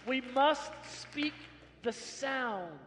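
A man preaching a sermon as pastor, swinging from hushed lines to shouted emphasis in a large church hall. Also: very high voice, expressive, extremely slow, a crowd in the background, background noise. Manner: dramatic swings from soft to shouting. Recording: long hall reverb.

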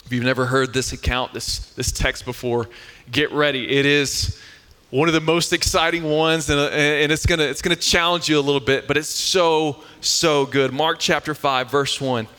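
A man's voice: a little high, fairly even intonation, normal speed, bright, forceful tone, clean tone. A man preaching a sermon as pastor, reading scripture aloud and explaining it in an earnest, emphatic way, often repeating a word as he restarts. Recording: echoey hall with long reverb.

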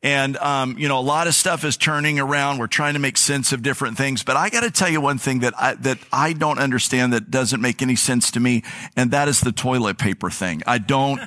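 A male pastor in a sermon who moves from homey stories to earnest conviction. His voice is bright and forceful. His pitch sits in the middle for a man. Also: a little fast. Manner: earnest, storytelling, anecdotal. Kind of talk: conversational sermon.

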